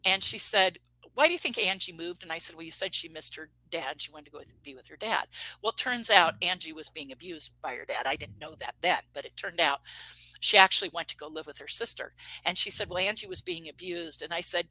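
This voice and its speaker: Woman in her 50s, crisp bright voice, dry close sound, chatty guest acting out what people said. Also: on the low side, fairly quick, no echo, rough recording. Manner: animated retelling that acts out quoted dialogue, with frequent restarts. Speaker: interview guest. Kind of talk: casual storytelling in an interview.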